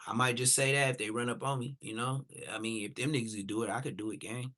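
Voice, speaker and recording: A man ranting casually and comically to his viewers, rambling and animated. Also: mid-range voice, fast. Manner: rambling, animated, slips into quoted voices. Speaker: comedic vlogger.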